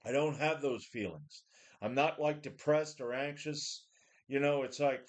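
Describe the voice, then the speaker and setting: A man's voice: fairly high pitch, animated, unhurried. Man in his forties, weary, cursing, unscripted webcam vlog from a home gym. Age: 40s. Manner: blunt, profane, weary, full of sighs and restarts. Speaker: vlogger. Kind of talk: casual rambling talk to a webcam.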